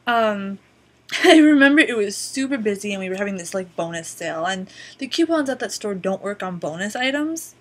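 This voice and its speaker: Husky-voiced woman rambling at a webcam. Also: medium pitch, expressive, moderate pace. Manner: rambling, lots of "um", wry and profane. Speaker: vlogger. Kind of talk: casual storytelling to camera. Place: indoors at a borrowed laptop. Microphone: laptop webcam.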